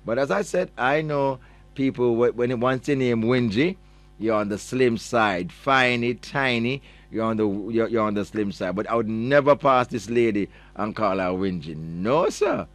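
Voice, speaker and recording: A man's voice: mid-range voice, expressive, a little slow, dry recording. A man with a Jamaican accent hosting a morning radio show, teasing listeners playfully and mixing patois into his English. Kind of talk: morning radio chat, reading out listener messages.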